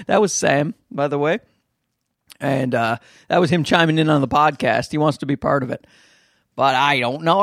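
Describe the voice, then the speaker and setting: A young adult man hosting a casual solo podcast at home, rambling and joking with animated asides, holding the mic close. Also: a little high, creaky, dry recording. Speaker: podcast host. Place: at home with a baby. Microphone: handheld mic held close.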